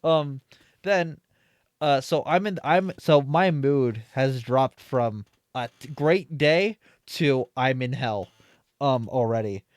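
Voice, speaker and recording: A man's voice: mid-range voice, slow, no room sound. Rambling man telling a work story, dry sound. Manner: rambling, many fillers and restarts. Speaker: streamer. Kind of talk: casual storytelling.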